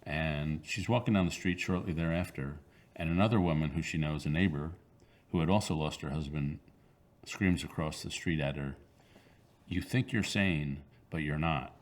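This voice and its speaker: A man in his sixties with an extremely low, rumbling voice speaks in an interview. He answers thoughtfully, pausing and restarting his sentences as he works through his ideas. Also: darkish tone. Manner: thoughtful, halting, with frequent fillers and restarts. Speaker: author being interviewed.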